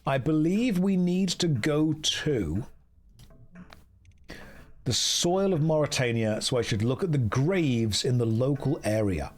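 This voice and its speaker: A man's voice: mid-range voice, animated, slow. A man streaming a video game, chatting casually and joking at his own expense. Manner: chatty, self-mocking, jokey. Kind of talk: casual live-stream commentary.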